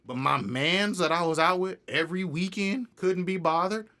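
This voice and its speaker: A young man, an independent music artist, telling a story in a casual interview. He is animated, laughs often and acts out other people's lines. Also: high voice, moderate pace.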